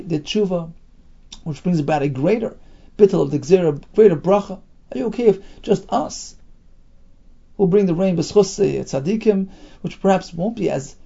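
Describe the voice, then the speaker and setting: A high-pitched man with a husky, gravelly voice teaches a Talmud class. He reads the Aramaic phrase by phrase and translates each part into English as he goes. His tone is mellow, and the recording is dull and lo-fi.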